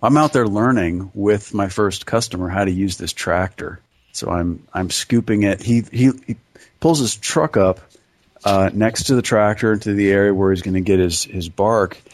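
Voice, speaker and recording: A man casually telling a funny story on a podcast, animated and laughing between lines. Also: fairly low pitch, normal speed, no echo. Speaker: podcast co-host.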